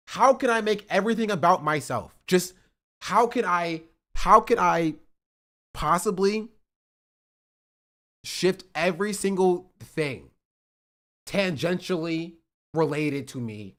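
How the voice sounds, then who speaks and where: A man's voice: high voice, expressive, takes it slowly, pauses often, fairly bright tone. A man streaming, reacting in disbelief and repeating the same phrases over and over. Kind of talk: livestream reaction commentary.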